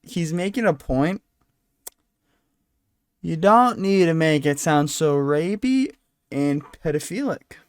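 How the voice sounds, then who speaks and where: A man's voice: on the high side, animated, slow, long pauses, no echo. Tired rambling man podcasting solo. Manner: rambling, self-deprecating, apologetic. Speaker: podcast host. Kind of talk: casual solo podcast chat. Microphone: handheld microphone at a desk.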